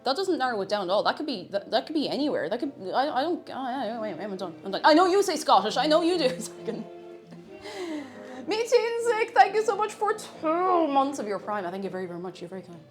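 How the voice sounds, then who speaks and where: A woman's voice: fairly high pitch, sing-song, fast talker. A young Irish woman streaming live as she cooks, chatting playfully with her chat and reading out messages. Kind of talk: casual live-stream chat while cooking. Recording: faint music in background.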